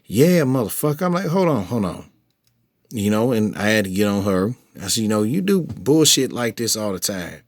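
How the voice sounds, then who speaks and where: A man's voice: on the low side, normal speed, no echo. A man casually recounting a personal story to his viewers, with lots of profanity and frequent restarts, his voice jumping when he replays his own angry replies. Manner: profane, animated retelling with heated quoted outbursts; frequent restarts and filler phrases. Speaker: vlogger updating followers.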